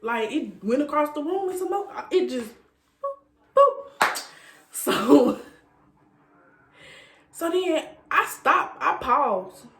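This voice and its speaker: A woman telling a casual story to her viewers, animated and laughing, repeating phrases for effect. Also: high-pitched, slow, reverberant. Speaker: storytime vlogger.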